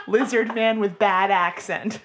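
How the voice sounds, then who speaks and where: A woman's voice: mid-range voice, steady tone, takes it slowly. A woman from North Carolina co-hosting a casual chat show. She jokes around and laughs often. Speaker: co-host.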